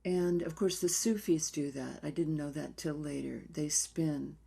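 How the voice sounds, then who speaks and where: An older woman talks in an interview with a reflective, unhurried manner. Her voice sits a little low for a woman. Now and then it softens into a near whisper. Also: creaky, slightly rough. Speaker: dance therapist.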